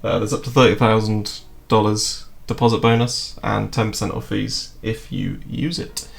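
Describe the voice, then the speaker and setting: With vocal fry and a fairly low pitch, a crypto trading streamer speaks at normal speed in fairly even intonation. He rambles casually on his livestream, often swearing and laughing, over faint music and a roomy echo.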